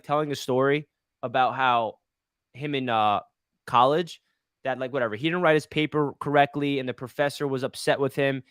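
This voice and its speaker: A young man hosting a casual sports fan chat, excitable and rambling with lots of fillers. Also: mid-range voice, no echo, studio quality. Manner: excitable, fast-talking, many "like" fillers. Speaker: podcast host.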